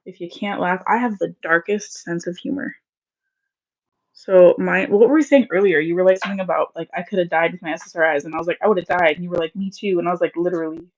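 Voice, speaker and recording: A woman's voice: lowish voice, fairly even intonation, quick pace, muffled recording. A woman in her thirties, co-hosting a casual live chat, telling stories in a chatty way and laughing easily. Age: 30s. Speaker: co-host of a live stream.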